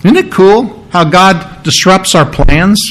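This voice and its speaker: A man's voice: sits high, expressive, takes it slowly, a bit bright, low-quality recording. A man preaching a sermon, explaining scripture word by word in an earnest, teacherly way and repeating key phrases for emphasis. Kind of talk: sermon with Bible reading.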